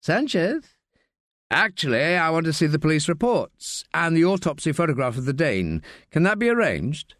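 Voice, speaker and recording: A man's voice: fairly high pitch, big pitch swings, moderate pace, fairly bright tone, dry recording, studio quality, voice pushed up. A man playing a persistent, cool-headed police detective, probing and needling.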